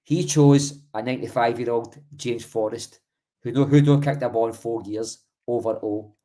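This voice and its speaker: A man's voice: medium pitch, fairly even intonation, normal speed, mellow. A Scottish man co-hosting a football podcast, talking in a blunt, emphatic and sweary way. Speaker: podcast co-host. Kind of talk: heated football chat.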